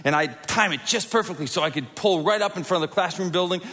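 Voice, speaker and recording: Middle-aged male pastor, animated conversational sermon, slightly high voice, reverberant auditorium. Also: quick pace. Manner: animated, conversational, with acted-out quotes and audience prompts. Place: large church auditorium.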